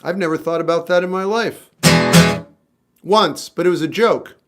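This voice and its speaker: A man's voice: high voice, normal speed. A man in his fifties, a singer-songwriter chatting casually on a livestream, answering comments in a blunt, wry, offhand way. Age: 50s. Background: guitar playing.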